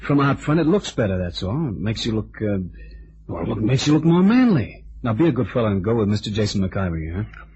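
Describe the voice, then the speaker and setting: An easygoing tough detective. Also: male voice, on the low side, big pitch swings, brisk, a little mellow, a little hiss or hum. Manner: casual and reassuring. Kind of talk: 1950s radio drama acting. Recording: dull vintage radio recording.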